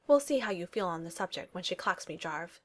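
A woman's voice: fairly low pitch, animated, fairly quick, a bit bright. A woman reading the lines of a snarky, confident male billionaire inventor in a fan fiction audiobook, wisecracking and flippant. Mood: wry.

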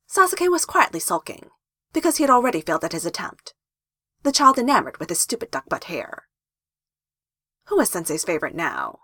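A woman narrating a fanfiction story with lively, playful emphasis. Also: fairly low pitch, brisk, husky, dry recording, studio quality. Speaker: fanfiction reader.

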